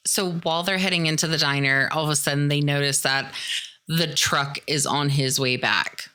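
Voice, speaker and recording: Woman podcast host, low but bright voice, snarky and casual in her film recap. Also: normal speed. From Midwestern US. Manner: sarcastic, chatty, swears freely. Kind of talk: casual movie recap commentary.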